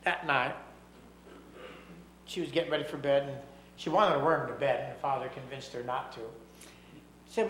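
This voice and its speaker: Bright-voiced preacher man telling a story. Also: medium pitch, steady tone, normal speed, pauses often, echoey room, a little hiss or hum, low-quality recording. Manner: dramatic swings from loud to hushed. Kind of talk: sermon storytelling.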